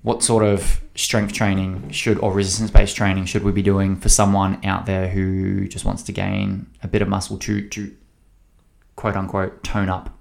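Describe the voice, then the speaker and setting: Aussie guy with some uk background, gravelly voice, laid back, keeps pulling the chat back on track. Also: low-pitched, little pitch movement, moderate pace, few pauses, a little mellow. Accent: Australian with a British background. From United Kingdom. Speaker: podcast co-host, trainer. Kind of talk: casual chat.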